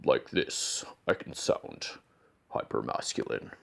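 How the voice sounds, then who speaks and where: A speaker demonstrating a deliberately low, fry-heavy voice in an instructional clip. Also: fairly bright tone. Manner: demonstrates a deep vocal fry.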